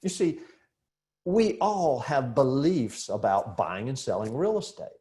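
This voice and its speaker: Middle-aged guy teaching realtors, tells stories and throws questions at the crowd, mid pitch. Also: measured pace. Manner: animated storyteller who acts out dialogue and asks rhetorical questions. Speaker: real estate sales trainer. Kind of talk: storytelling training seminar.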